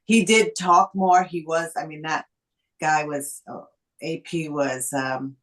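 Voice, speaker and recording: Woman, low pitch, hesitant, lots of fillers, casual podcast chat. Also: fairly even intonation, takes it slowly, low-quality recording. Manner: hesitant, many fillers, laughs softly. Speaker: podcast co-host. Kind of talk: casual film discussion.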